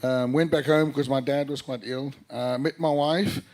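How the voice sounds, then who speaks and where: A middle-aged man from South Africa, a pastor, telling his life story casually with many pauses, fillers and restarts. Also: mid-range voice, fairly even intonation, a little mellow. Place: church during a live music evening.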